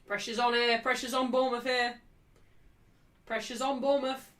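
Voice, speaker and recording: A woman hosting a football watchalong stream, calling the play, cheering loudly and joking brashly with her live chat. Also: fairly high pitch, moderate pace. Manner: excitable, shouting cheers at big moments. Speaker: livestream host.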